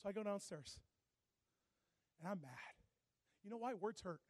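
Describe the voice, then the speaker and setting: High, husky-voiced preacher man. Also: moderate pace, dry recording. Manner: animated, dramatic storytelling with plenty of asides to the audience. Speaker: pastor. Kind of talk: sermon.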